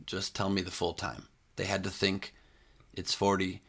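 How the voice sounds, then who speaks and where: Male stand-up comic guest, deadpan rambling riffs; gravelly voice. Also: low-pitched, normal speed. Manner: deadpan, rambling, self-promoting jokes. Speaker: podcast guest, stand-up comedian. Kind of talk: casual comic podcast banter.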